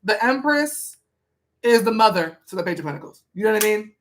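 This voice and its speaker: A woman's voice: medium pitch, expressive, fairly quick, a little hiss or hum. A woman reading tarot cards for a viewer in a casual, chatty way, asking the cards questions aloud and speaking with emphasis. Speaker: tarot reader.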